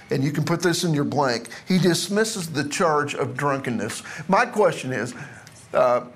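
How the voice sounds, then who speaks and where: A man's voice: a little high, fairly bright tone, a little hiss or hum. A man teaching a Bible class to a group in a classroom, chatty and self-deprecating.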